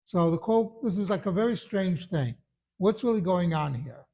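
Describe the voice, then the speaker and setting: A man's voice: high voice, lively intonation, normal speed, mellow, lo-fi sound. A man who is a religious teacher, giving a short Torah talk in an earnest, emphatic storytelling manner.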